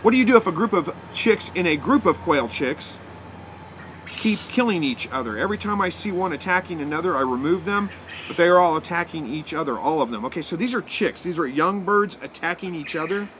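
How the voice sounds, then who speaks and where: A man, chatting casually on a live stream as he answers viewer comments. His voice sits a little high for a man, and he talks in a relaxed, folksy way, thinking out loud. There is a faint hiss behind him with crickets chirping. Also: a little fast. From Southwest Missouri, USA. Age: 40s.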